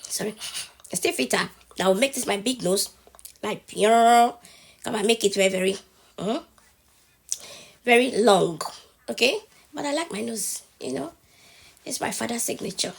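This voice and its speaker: Husky woman with a cold. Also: fairly high pitch, brisk. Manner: chatty, keeps checking in with the viewer. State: has a cold. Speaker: TikTok tutorial creator. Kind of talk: casual step-by-step tutorial.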